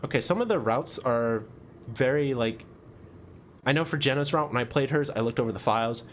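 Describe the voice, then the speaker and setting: A man's voice: mid-range voice, fairly quick, a little hiss or hum. A young man reading a visual novel aloud in first person, with casual, chatty asides.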